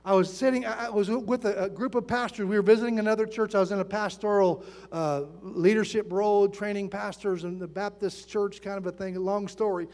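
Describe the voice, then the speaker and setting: A man in his sixties delivers a sermon, acting out the people in his stories. His voice sits very high for a man, and it echoes with a long reverb through a large church sanctuary. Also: brisk, hardly any pauses. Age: 60s. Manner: animated storytelling, acts out quotes. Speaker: pastor.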